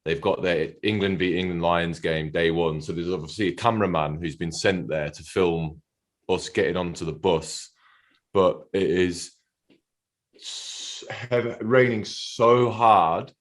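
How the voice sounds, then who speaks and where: A man's voice: low-pitched, measured pace. A man, a guest cricketer, telling a rambling, giggly story in casual chat.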